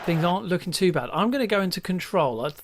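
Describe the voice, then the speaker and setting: A man chatting casually at home while playing a football management game, rambling and bursting into excited shouts when chances come. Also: sits high, fast, a little hiss or hum. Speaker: let's play host. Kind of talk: casual gameplay commentary. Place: at home at a desk.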